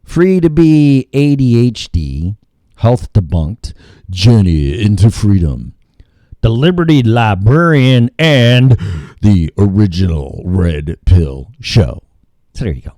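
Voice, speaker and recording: Male radio talk host, ad-libbing and cursing, sings nonsense fillers, swooping pitch. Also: big pitch swings, takes it slowly, dark tone, no room sound, studio quality. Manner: crude, rambling, sings filler noises. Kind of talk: casual ad-libbed radio talk.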